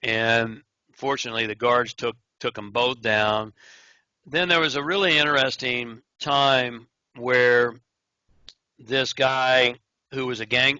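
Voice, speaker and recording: American guy on a call acting out his story, punchy bright tone, kinda muffled audio. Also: medium pitch, no echo. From United States. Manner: animated storyteller, acts out dialogue. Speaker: interview guest. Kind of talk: recounting prison stories in an interview. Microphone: video call. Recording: dull, lo-fi remote call audio.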